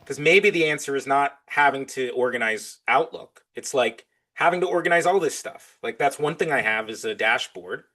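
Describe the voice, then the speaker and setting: This is a man guesting on a podcast, speaking at an ordinary mid pitch. He chats easily and with enthusiasm. He slips into little acted-out exchanges as he talks. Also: moderate pace, few pauses, bright, forceful tone. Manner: enthusiastic, acts out his own back-and-forth dialogue. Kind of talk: casual interview chat.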